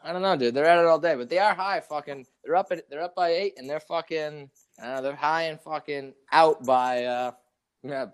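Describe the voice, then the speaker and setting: Animated, profane young man telling a story. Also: fairly high pitch, brisk, smooth. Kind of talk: casual storytelling chat.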